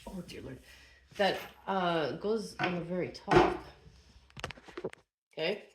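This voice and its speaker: A woman's voice: lowish voice, slow pace, background noise. A woman vlogger narrating casually to herself as she assembles furniture, chatty and self-deprecating.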